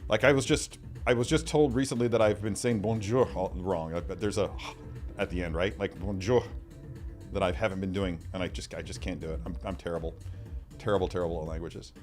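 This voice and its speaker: Chatty low-voiced man hosting a livestream. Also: steady tone, quick pace, soft background music. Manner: chatty, repeats himself, drops to mumbled asides. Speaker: livestream host. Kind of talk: casual livestream chat reading comments.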